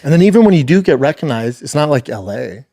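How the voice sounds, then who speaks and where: A man who once fought, co-hosting a podcast and telling stories with lively quoted voices, often trailing off quietly. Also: mid-range voice, fast talker, no echo, clean studio sound. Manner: storytelling, animated quoting, trails off quietly. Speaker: podcast co-host, former fighter. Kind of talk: casual chat.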